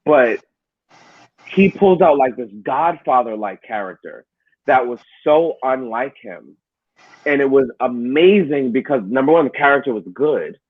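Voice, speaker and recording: A man, a wrestler, talking in a casual interview, telling animated stories and laughing along the way. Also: mid-range voice, unhurried, husky, no echo, muffled recording. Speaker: wrestler guest.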